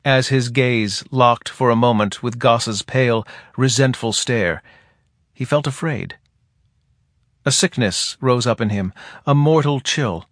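A man narrating a novel in slow, even storytelling. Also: mid-range voice, no room sound, clean studio sound. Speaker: audiobook narrator. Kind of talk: scripted narration.

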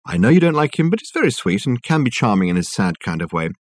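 A man voicing a brisk, sharp-tongued young woman who speaks in a dry, teasing, exasperated way. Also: medium pitch, big pitch swings, dry recording. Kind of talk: audiobook character voice.

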